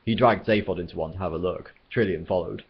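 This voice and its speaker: Deep, husky male storyteller, steady read, dull lo-fi recording. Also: fast. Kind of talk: reading a novel aloud.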